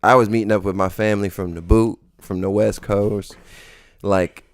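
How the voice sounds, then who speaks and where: Brief: male podcast guest, rambling casual talk, gravelly, dry close sound. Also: on the low side, fairly even intonation, normal speed, dry recording. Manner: laid-back, rambling.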